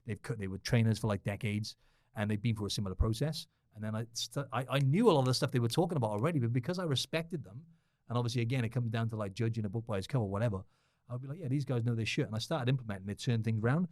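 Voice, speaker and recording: A man's voice: medium pitch, very fast, a little mellow, no echo. A man hosting a podcast in a chatty, matey way, often checking in with "right?" and "you know what I'm saying?". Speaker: podcast host. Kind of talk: casual podcast conversation.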